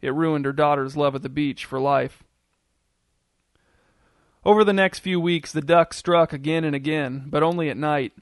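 A man reading a story aloud as narrator, in a steady, descriptive storytelling manner. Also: fairly high pitch, normal speed, long pauses, no echo, clean studio sound.

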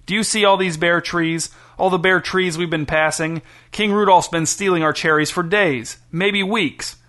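A man's voice: high-pitched, steady tone, normal speed, pushed and bright, voice pushed up. A man voicing a proud, touchy king who grows indignant and commanding in a storybook reading. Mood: bitter. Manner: pompous, raises his voice in anger.

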